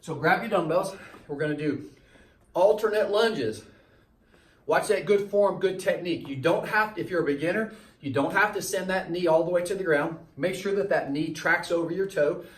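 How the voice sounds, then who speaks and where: A man's voice: high-pitched, moderate pace, far from the mic. Slightly winded male fitness trainer, echoey room. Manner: coaching, repetitive cues, demonstrating as he talks. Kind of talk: workout instruction while exercising.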